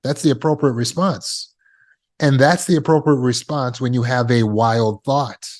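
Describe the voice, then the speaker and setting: Man, recovery coach, motivational lesson, emphatic, repeats key phrases, mid-pitched voice. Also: a little slow. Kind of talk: motivational teaching talk.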